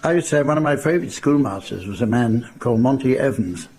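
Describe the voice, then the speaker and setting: An older man from England telling wry, dry family anecdotes in an unhurried storytelling style. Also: mid-range voice, animated, darkish tone, slight background noise. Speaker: raconteur. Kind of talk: anecdotal storytelling to a live audience.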